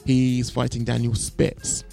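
Brief: male co-host, gravelly dark low voice, rambling chatty delivery, faint music bed. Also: completely flat delivery, slow. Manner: rambling storyteller with many fillers and restarts. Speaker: MMA show co-host. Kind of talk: casual fight-pick chat.

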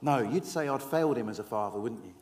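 A man in his forties preaching a sermon, telling stories with humour and dropping to soft, earnest tones. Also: medium pitch, expressive, fast. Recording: echoey hall.

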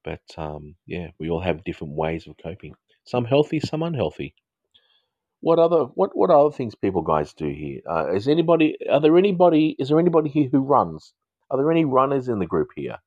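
A man in his fifties hosting a live stream, chatting casually with viewers in a rambling way and quick to laugh. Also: mid-range voice, big pitch swings, a little mellow, no echo, muffled recording. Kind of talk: casual live chat reading viewer comments.

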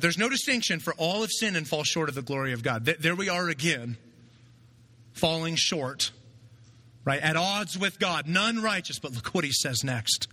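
A man preaching from the pulpit, his voice pitched high and strikingly bright. He reads scripture aloud, then unpacks it with emphatic rhetorical questions and a habit of asking "right?" to his listeners. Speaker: pastor. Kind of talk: expository sermon.

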